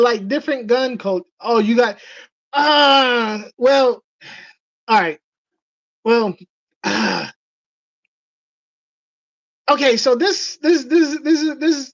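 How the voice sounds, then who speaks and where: Animated woman on a dull lo-fi livestream. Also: a little high, dry recording. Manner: animated storytelling, acting out quoted voices. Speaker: livestream host. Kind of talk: casual livestream chat.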